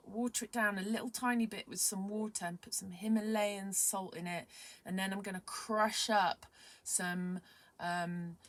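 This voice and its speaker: A young adult woman vlogging casually, rambling excitedly with many fillers and sometimes dropping to a whisper. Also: mid-range voice. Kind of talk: casual vlog chat.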